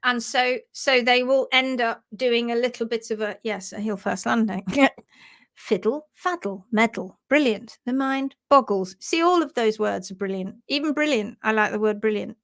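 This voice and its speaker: A woman's voice: fairly high pitch, moderate pace, fairly bright tone. A woman presenting a casual live stream on hoof care, chatty and giggly.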